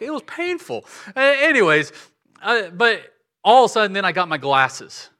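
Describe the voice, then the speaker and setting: A man in his forties delivers a sermon, his voice pitched a little high and bright. He tells stories in an animated way, jumping up in pitch and volume when he acts out what people said. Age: 40s. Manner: animated storytelling, acts out quotes with big swings in pitch and volume. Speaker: pastor. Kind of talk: sermon with a personal story.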